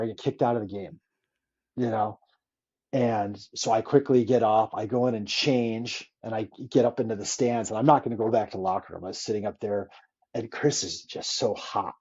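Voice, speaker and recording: A man, a former hockey player, telling stories in a casual interview, animated and swearing freely as he acts out old quotes. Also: mid-range voice, husky, dull audio.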